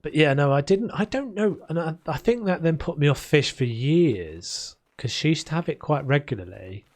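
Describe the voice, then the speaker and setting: A man's voice: a little high, lively intonation, moderate pace, darkish tone. A man streaming a video game, chatting casually and rambling between topics as he builds. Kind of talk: casual chat while playing.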